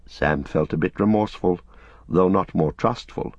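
Husky low-voiced male audiobook narrator. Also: dry recording, highs cut off. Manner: measured storytelling.

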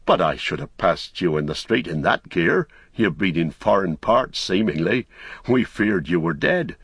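A man voicing a blunt, excitable middle-aged hobbit farmer with rustic speech, in a storybook reading. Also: low voice, measured pace, breathy edge, no room sound, clean studio sound, heavily acted. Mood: hearty.

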